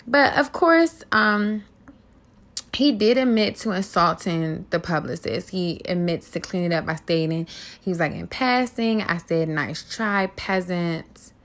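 A woman's voice: on the low side, measured pace, a bit bright. A woman hosting a casual celebrity gossip commentary, candid and profane, often laughing, with features. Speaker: host.

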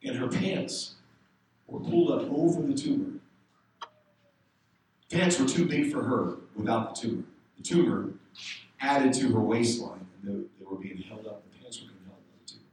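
A man preaching a sermon, telling a story and building to loud shouted exhortation. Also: mid-range voice, moderate pace, pauses often, a little hiss or hum. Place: church sanctuary. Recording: echoey room, speaker far from the mic.

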